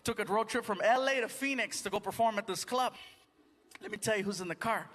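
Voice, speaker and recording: High-voiced animated stand-up comedian. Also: male voice, a little fast. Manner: animated, laughing at his own story. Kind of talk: stand-up storytelling. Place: stage before a live audience. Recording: noisy live show recording.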